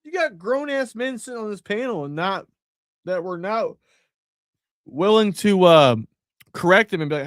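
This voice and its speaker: Middle-aged male podcast host, blunt and profane, heated delivery, slightly high voice. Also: expressive, normal speed, long pauses, no echo, studio quality. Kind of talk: casual podcast commentary.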